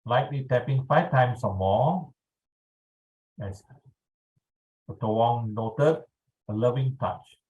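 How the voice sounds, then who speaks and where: A man leading a guided tapping exercise over a video call, speaking calmly and checking in often with his listeners. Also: mid-range voice, muffled recording. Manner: slow, calm instructional pacing with frequent "all right". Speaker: EFT tapping instructor.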